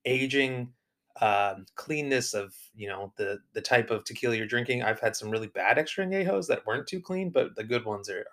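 A man's voice: mid-range voice, animated, normal speed, a bit bright. Opinionated man rambling on a podcast. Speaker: podcast co-host. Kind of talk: casual chat.

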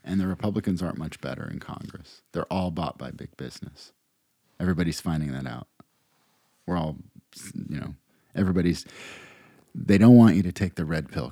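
A man's voice: very deep voice, gravelly, mellow, husky, dry recording. A man hosting a podcast, giving meandering, sarcastic political commentary full of restarts, recorded close to the mic. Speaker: podcast host.

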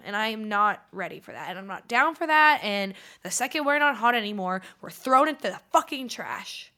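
Bright-voiced young woman, profane podcast banter. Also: medium pitch. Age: young adult. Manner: profane, dramatic, quick to joke. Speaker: podcast co-host. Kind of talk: casual chat.

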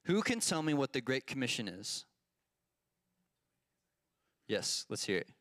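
A man's voice: mid-range voice, very animated, a little slow, a bit bright, no echo, clean studio sound. A man teaching a casual Bible lesson, asking his group questions and telling a personal story with many fillers.

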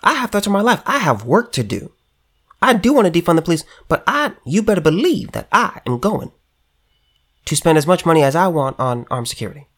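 A man's voice: a little high, very animated, a little fast, a bit bright, pitched above the performer's own voice. A man putting on a mocking impression of a self-righteous female politician, in a sarcastic, emphatic tone.

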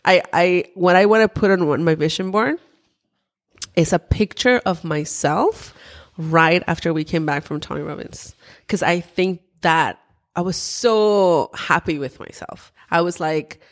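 Low-voiced woman, chatty and rambling. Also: a little slow. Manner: chatty, trails off and restarts mid-thought. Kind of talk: casual chat.

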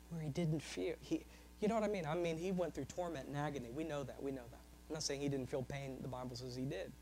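Guy preaching a sermon, bit high voice, goes loud then real quiet, faint hum behind. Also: a little fast, rough recording. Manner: swings from loud, high-pitched emphasis to soft, low asides.

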